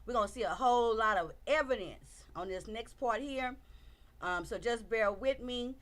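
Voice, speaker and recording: A woman's voice: fairly high pitch, normal speed, fairly bright tone, a little hiss or hum. A middle-aged woman giving emphatic casual commentary on a livestream, repeating herself for emphasis and talking straight to her viewers.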